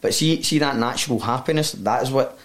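A guest from Glasgow, Scotland, with a Glaswegian accent tells his own story candidly, sweary, heartfelt and rambling. His voice is mid-range and brisk.

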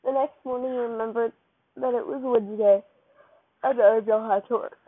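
A woman casually reads a second-person fan fiction story aloud, her delivery loose and rambling with slips and restarts. Her voice is on the high side with fairly even intonation and a moderate pace, in a tinny, phone-like, dry recording with no echo.

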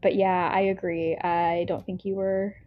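A woman's voice: fairly low pitch, level tone, a little slow. Rambling young American woman, dull sound. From United States. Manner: rambling, filler-heavy, self-interrupting. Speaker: book podcast co-host. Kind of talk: casual book review chat.

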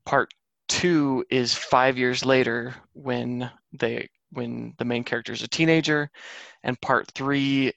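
Man, podcast co-host, gravelly voice, dry close sound, easygoing rambling chat. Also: mid-range voice, fairly even intonation, takes it slowly, a bit bright, no room sound, lo-fi sound. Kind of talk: casual chat.

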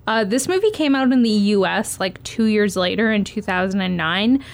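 A woman's voice: medium pitch, lively intonation, normal speed, gravelly. A young woman co-hosting a casual film podcast, laid-back and drawling, swearing often. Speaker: podcast co-host. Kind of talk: casual chat.

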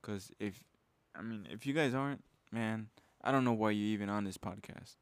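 Fired-up casual young man, low voice. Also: moderate pace, smooth, no room sound. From Mexican heritage. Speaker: podcast host. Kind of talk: motivational podcast monologue.

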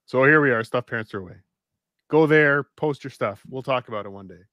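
A man's voice: mid-range voice, brisk, no echo, muffled recording. Dry-voiced man in wry podcast banter. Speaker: podcast co-host. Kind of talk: casual comedic chat, reading listener posts aloud.

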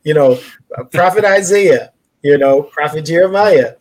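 Guy with a husky, slightly high voice, preachy and fired up, keeps quoting scripture. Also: normal speed, a little mellow. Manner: preacherly, cites scripture, frequent restarts. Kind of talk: impassioned casual discussion.

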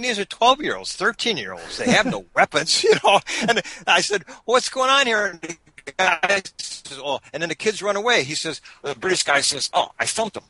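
A man's voice: a little high, no room sound. A man telling travel stories in a casual interview, laughing often and restarting his sentences. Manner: animated, laughing storyteller with many restarts. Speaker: podcast guest recounting a sailing voyage.

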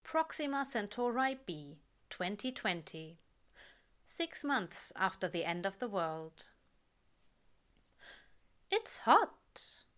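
A woman reading a story aloud in a measured, calm narration. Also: mid-range voice. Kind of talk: reading fan fiction aloud.

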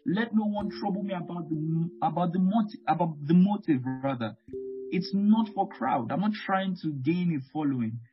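A man's voice: sits high, moderate pace. A man preaching a Bible teaching sermon, emphatic and repeating key phrases, often calling out amen. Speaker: pastor. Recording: muffled lo-fi with guitar music.

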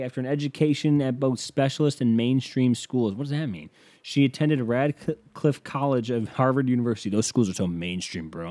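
A man with a mellow, middle-pitched voice riffing sarcastically on a comedy podcast, swearing freely as he reads aloud. The sound is dry and close, with no room around it. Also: no room sound. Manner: irreverent, sarcastic, profane. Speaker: podcast host.

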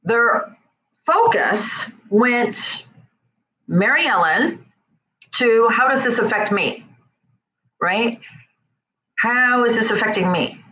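Lively woman giving life advice. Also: fairly high pitch, slow, long pauses, poor audio. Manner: animated, acts out quoted voices; talks straight to the listener with frequent "right?". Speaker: self-help speaker. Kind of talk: conversational talk.

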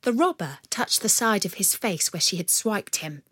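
A woman reading a storybook aloud in a measured, expressive way. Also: medium pitch, breathy edge, no room sound, clean studio sound. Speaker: narrator. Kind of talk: storybook narration.

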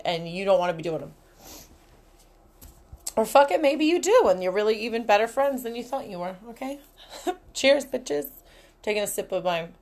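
A young adult woman hosting a casual solo podcast, telling stories candidly with lots of swearing and frequent laughter. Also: mid-range voice. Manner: candid, profane, laughs often. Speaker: podcast host. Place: cabin.

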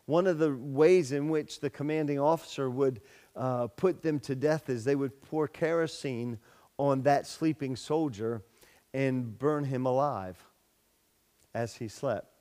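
A pastor preaches a sermon in a medium-pitched voice at a slightly slow pace, telling a story full of restarts and repeated words. He raises his voice sharply whenever he delivers the story's dialogue, with long hall reverb around him.

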